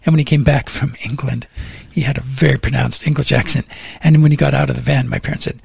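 A man's voice: medium pitch, quick pace, vocal fry, slightly rough, dry recording. A middle-aged man on morning radio, chatting wryly with his co-host and then reading traffic and weather from a studio mic. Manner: chatty, wry, then steady report reading. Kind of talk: casual radio chat and traffic report.

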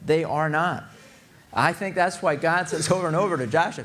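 A man's voice: a little high, normal speed, fairly bright tone. A man teaching a sermon who reads scripture aloud, then explains it in a conversational way, asking his listeners rhetorical questions. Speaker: Bible teacher.

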